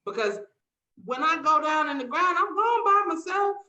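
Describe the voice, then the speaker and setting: On dull audio, a podcast co-host with a high, expressive, bright voice speaks forcefully at a moderate pace. She shares personal anecdotes in a casual chat, emphasizing points and acting out quotes.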